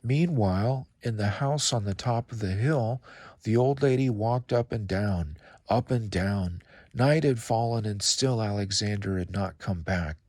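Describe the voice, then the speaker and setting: Low-voiced man reading a storybook. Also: dry recording. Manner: calm, measured storytelling. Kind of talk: reading a children's book aloud.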